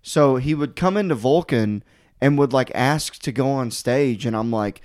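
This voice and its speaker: A man hosting a podcast, telling a story in casual chat, animated and swearing, full of "like" fillers as he acts out what people said. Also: medium pitch, normal speed.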